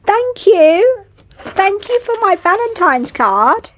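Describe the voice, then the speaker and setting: A woman's voice: very high voice, very animated, slow pace. A woman talking to her pet cat in cooing baby talk. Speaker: vlogger.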